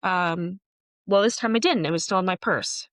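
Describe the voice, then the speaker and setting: A woman with a slightly low voice tells a personal story on her podcast, earnest and candid. The sound is close and dry, with no room echo. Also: moderate pace, a bit bright. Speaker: podcast host.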